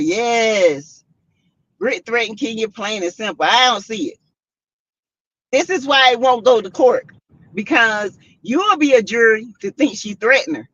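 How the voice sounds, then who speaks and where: A woman hosting a casual commentary stream, reading out chat comments and making her points with animated, repetitive emphasis. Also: a little high. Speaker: host. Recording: dull lo-fi sound.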